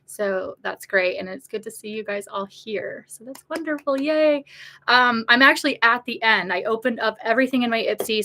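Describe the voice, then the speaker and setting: A woman in her thirties talks casually on a home livestream, greeting viewers and chatting about makeup. Her voice is bright and forward, and she sounds open and easily moved. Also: mid-range voice. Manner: chatty and emotional, reads viewer comments aloud. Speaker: beauty vlogger on a livestream.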